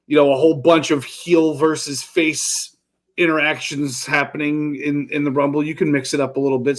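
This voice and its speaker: Man recapping matches in a steady voice. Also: a little high. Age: under 40. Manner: steady recap, relaxed with fillers. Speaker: podcast co-host. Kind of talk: casual wrestling podcast chat.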